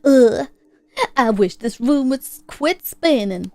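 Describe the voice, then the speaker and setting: A woman voicing an injured, groggy male pilot who talks in a halting drawl. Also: sits high, expressive, mellow, no room sound, heavily acted. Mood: dazed. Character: injured, dazed male pilot, rough and weary.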